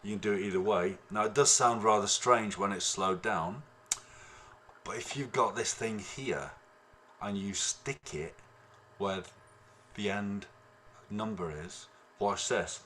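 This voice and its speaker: A man teaching harmonica in an online lesson, explaining in a relaxed, rambling way with many fillers, speaking into a computer microphone. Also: lowish voice, a little slow, pauses often, noisy background. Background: harmonica playing.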